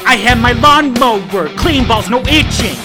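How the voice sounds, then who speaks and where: A man voicing a cocky male nu metal singer with a Cockney accent, loud and swaggering. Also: extremely high pitch, expressive, normal speed, over music, voice pushed up. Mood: belting. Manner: loud, swaggering, belted singing.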